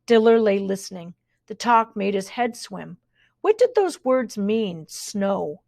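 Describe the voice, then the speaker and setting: A woman narrating a children's novel in a gentle, measured way. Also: medium pitch, lively intonation, vocal fry, no echo, studio quality. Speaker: audiobook narrator. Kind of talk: audiobook narration.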